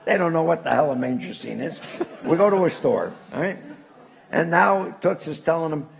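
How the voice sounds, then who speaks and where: A man's voice: on the high side, normal speed, creaky. An older man from Newark, telling anecdotes to a live audience as a guest speaker. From Newark, New Jersey. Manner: animated anecdotal storyteller, chuckling punchlines.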